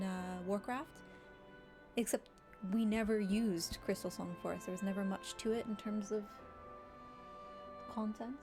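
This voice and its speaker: Sweary woman streamer chatting over gameplay. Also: medium pitch. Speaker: game streamer. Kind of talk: casual gameplay commentary.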